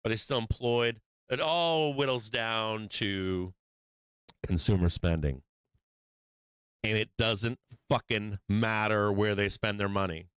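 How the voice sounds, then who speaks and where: A man's voice: mid-range voice, sharp tone, smooth, no echo. A man hosting a live stock market show, talking bluntly and profanely, hammering points through repetition. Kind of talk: livestream market commentary.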